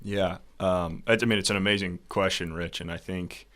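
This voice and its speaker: A man's voice: low voice, normal speed. A man in his thirties, a tennis coach, telling stories in a casual podcast chat, laughing often and acting out what people said. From Buffalo area, New York. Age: 30s. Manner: animated storyteller, laughs often, acts out quotes.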